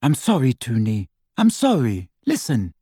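A man voicing an earnest young girl who asks eager, soft questions. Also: mid-range voice, wildly swooping pitch, unhurried, husky, dry recording, clean studio sound, full character voice. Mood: pleading. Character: earnest young girl, curious and warm-hearted.

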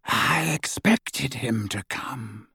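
A man voicing a cold, menacing dark wizard with a high, clear voice, speaking slowly and softly. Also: dry recording, studio quality, heavily acted. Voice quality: high, clear, soft and whispery. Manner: slow, hushed, drawn-out delivery.

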